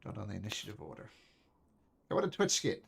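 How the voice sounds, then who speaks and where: A man narrating a tabletop game as game master, animated, counting out moves and ruling on dice. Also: on the low side, fast, creaky, a little hiss or hum. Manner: animated, breaks into goblin voices, counts out movement. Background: faint music.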